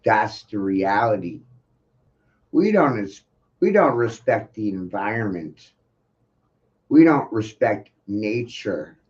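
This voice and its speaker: A man's voice: lowish voice, very animated, takes it slowly, pauses often, darkish tone, dull audio. A man ranting in an intense, profane monologue full of rhetorical questions.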